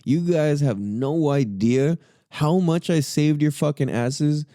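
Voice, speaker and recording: Taking it slowly, a man on a podcast he hosts relates a story in a casual, profane, animated manner, with his pitch rising whenever he quotes his own thoughts. The audio is clean studio sound free of echo.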